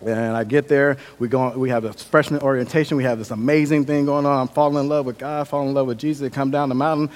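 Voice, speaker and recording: A man's voice: mid-range voice, fairly even intonation, fast, hardly any pauses. A young man from the American Midwest giving a sermon, telling his life story with earnest energy that rises and drops. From Milwaukee, Wisconsin. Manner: earnest storytelling, shifting from loud to quiet. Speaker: preacher. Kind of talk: sermon with personal testimony.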